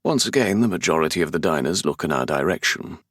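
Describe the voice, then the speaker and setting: Super deep husky english guy from london, sardonic audiobook narration, lively ups and downs. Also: quick pace, dry recording. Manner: dry, sardonic, exasperated. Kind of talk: first-person audiobook narration. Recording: dry close studio sound.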